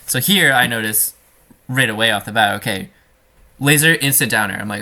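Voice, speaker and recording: A man coaching a student over gameplay in a relaxed, talky way, full of fillers and restarts. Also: on the low side, brisk.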